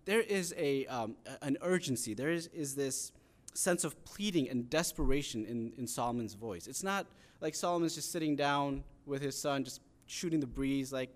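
A man preaching a sermon, talking it through in an earnest, conversational way. His pitch sits in a middle range. He leans in harder when he drives a point home. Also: lively intonation, moderate pace. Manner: earnest, conversational teaching with rising emphasis on pleas.

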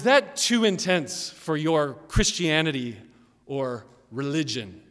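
A pastor preaching to his congregation, his slightly high voice dropping to quiet asides and then rising into loud, emphatic bursts. The sound carries a long reverb from a church hall. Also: very animated, slow pace. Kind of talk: sermon.

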